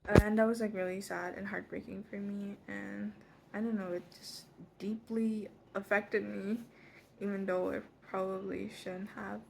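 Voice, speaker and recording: A teenage girl films herself on her phone's front camera at home and tells a story in a loose, rambling way. Her voice sits at a middle pitch, and a faint hiss stays under it. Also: little pitch movement, unhurried, gravelly. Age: teens. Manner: rambling, full of "like" and self-corrections. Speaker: vlogger. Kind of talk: casual storytelling vlog.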